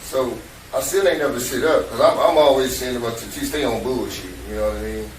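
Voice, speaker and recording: A man giving a statement to detectives, telling his account in profane, animated slang. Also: mid-range voice, a little fast, recorded from a distance. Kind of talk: police interview statement. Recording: echoey noisy room from afar.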